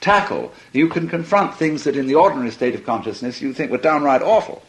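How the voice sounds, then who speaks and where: A man's voice: medium pitch, a little fast, poor audio. A man giving a reflective lecture talk, musing and telling stories, often breaking into laughter. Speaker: speaker.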